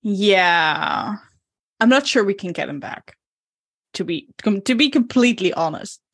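A woman talking through her character at a tabletop game, pausing on fillers as she thinks aloud. Her voice is mid-pitched and recorded dry and close. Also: expressive, fairly bright tone, husky, no echo. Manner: hesitant, filler-heavy, in-character chat. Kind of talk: playing a tabletop role-playing game.

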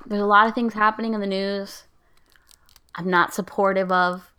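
A woman co-hosting a podcast in relaxed, casual conversation, her voice at an ordinary pitch. She talks candidly and pokes fun at herself, often quoting her own reactions. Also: moderate pace, smooth. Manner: candid, self-deprecating, quotes herself in asides. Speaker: podcast co-host. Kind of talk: casual chat.

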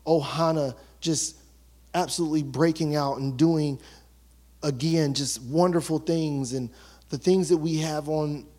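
A man preaching a sermon as pastor, emotional and building to excited shouts. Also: on the high side.

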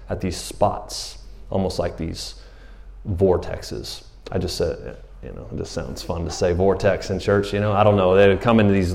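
A man's voice: low voice, darkish tone. A man preaching a sermon in church, casual and joking, acting out Bible characters in a raised voice. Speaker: pastor.

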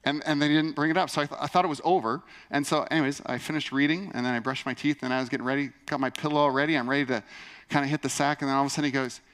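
A man's voice: medium pitch, fairly even intonation, racing, fairly bright tone, clean tone. A male pastor delivering a sermon in an earnest, conversational way, telling a personal story and leaning on "and so anyways".

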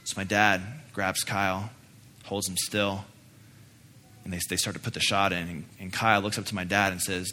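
A man's voice: deep voice, flat delivery, moderate pace, sharp tone. A young adult man preaching a sermon as pastor, earnest and emphatic, often repeating himself for weight, then leading a prayer. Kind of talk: sermon with personal story and prayer. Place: church sanctuary. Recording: echoey hall, faint noise.

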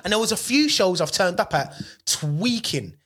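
Man, podcast guest, rambling slangy storytelling, very lively swooping pitch, high voice. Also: normal speed. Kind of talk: casual chat.

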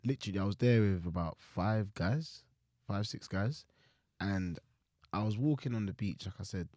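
A young man, chatting on a casual podcast and telling stories in an animated way, with his voice jumping up when he gets excited. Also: lowish voice, moderate pace, no room sound, clean studio sound. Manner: animated storytelling, voice jumps up in excitement. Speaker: guest co-host.

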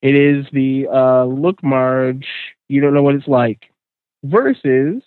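A man's voice: mid-range voice, takes it slowly, smooth, no room sound. A man hosting a casual panel chat, moderating the votes with jokes. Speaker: podcast host. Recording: tinny phone-like sound.

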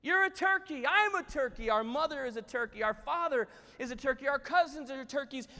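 A man's voice: very high voice, big pitch swings, normal speed, creaky, voice pushed up, heavily acted. A man voicing a stubborn young male turkey who scolds his brother in an insistent, repetitive way, in a church hall with reverb. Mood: scolding.

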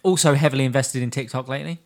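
A man's voice: mid-range voice, steady tone, racing, a little mellow. A man hosting a casual podcast, laying out film facts and swearing casually. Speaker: podcast host.

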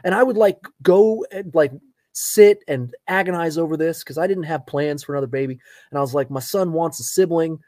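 A man in his thirties co-hosting a podcast, telling family stories in a casual, animated way and laughing along. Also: a little high, a little fast, dry recording. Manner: animated storyteller, laughs through his anecdotes. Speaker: podcast co-host. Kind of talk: casual chat.

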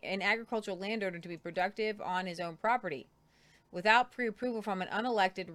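A woman's voice: medium pitch, a bit bright. Woman co-host reading out news stories. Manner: reads articles aloud with frequent ums and restarts.

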